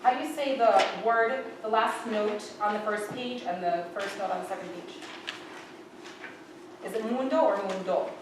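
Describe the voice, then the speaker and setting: A woman's voice: mid-range voice, normal speed, few pauses, background noise. A woman conducting a choir rehearsal, talking in a chatty, upbeat way and singing syllables to show how a passage goes. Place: large rehearsal hall. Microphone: far camera. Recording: echoey hall from far off.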